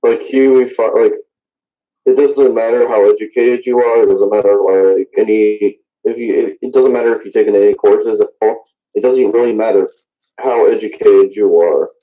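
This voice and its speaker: A man's voice: fairly low pitch, steady tone, moderate pace. A man hosting a casual voice chat, rambling and swearing casually. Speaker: voice chat host. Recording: tinny phone-like chat audio.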